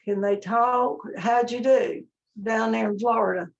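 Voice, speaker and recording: A woman teaching a live painting class, talking gently step by step as she works. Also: a little high, fairly even intonation, gravelly. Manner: slow, gentle step-by-step instruction. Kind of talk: live online painting lesson. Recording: dull lo-fi stream audio.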